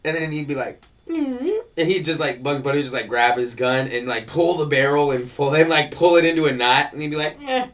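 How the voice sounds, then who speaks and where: A man's voice: mid-range voice, fairly even intonation, fast, few pauses, fairly bright tone. A man co-hosting a comedy chat, laughing and eagerly retelling cartoon bits. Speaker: comedy show co-host. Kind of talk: casual chat.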